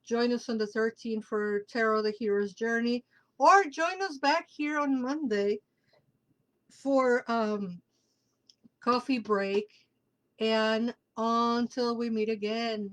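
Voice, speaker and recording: A woman hosts a casual live tarot reading, speaking slowly in a slightly high voice. She stresses key words by repeating them and laughs between lines. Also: a bit bright, poor audio. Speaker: tarot reader and show host.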